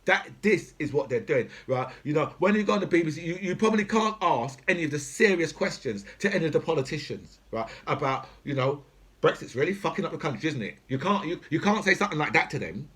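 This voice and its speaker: A man's voice: a little high, lively intonation, quick pace, a bit bright. A middle-aged man, talking unscripted and at length. He swears freely and keeps tossing in "right?" and "do you know what I mean?" as he goes. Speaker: political commentator. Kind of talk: unscripted rant.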